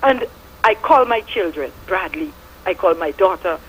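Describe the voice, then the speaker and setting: Middle-aged Statian Caribbean woman caller, husky, fervent and preachy, lively pitch. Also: moderate pace, rough recording. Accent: Statian Caribbean English. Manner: fervent, preachy storytelling with biblical references. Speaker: radio caller. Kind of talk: impassioned call-in testimony.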